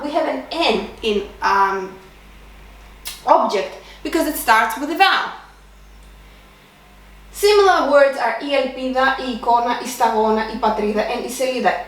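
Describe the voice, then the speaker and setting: Woman, high lively voice, language teacher, patient step-by-step explanations, echoey room, mic far off. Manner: patient, explains step by step with fillers and self-corrections. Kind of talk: beginner language lesson. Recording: roomy echo, distant from the mic.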